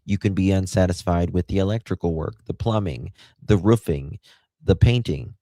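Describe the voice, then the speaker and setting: A man's voice: deep voice, moderate pace, mellow, no room sound. A man with an Appalachian accent hosting a live stream, rambling casually and greeting chat viewers by name.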